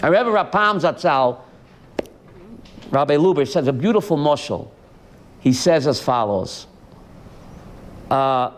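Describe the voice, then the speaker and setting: High-pitched rabbi telling stories. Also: male voice. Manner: animated, asks the audience questions. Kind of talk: sermon with storytelling.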